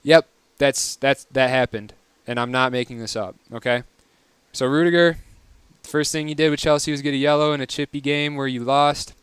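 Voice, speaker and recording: A man's voice: medium pitch, smooth, no room sound. A young man hosting a casual solo soccer recap, chatty, wry and opinionated. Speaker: podcast host.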